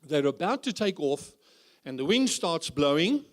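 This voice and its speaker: A man's voice: on the high side, sing-song, unhurried. A man preaching as a guest speaker at a church conference, humorous and full of rhetorical questions. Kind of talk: conference sermon.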